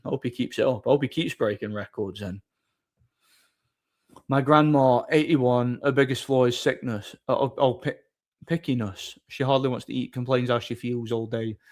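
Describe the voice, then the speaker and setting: A man chatting casually on a live stream, opinionated and rambling, often repeating words as he thinks. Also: medium pitch. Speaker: streamer host. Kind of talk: casual chat answering viewers.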